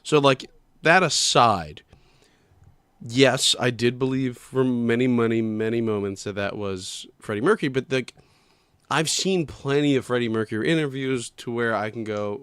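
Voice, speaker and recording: A man talks casually as a podcast co-host, wandering through his thoughts and swearing as he goes. His voice sits at an ordinary middle pitch. The sound is dry, with no room echo. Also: normal speed, a bit bright, clean tone. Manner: rambling, swears often, loses names. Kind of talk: casual chat.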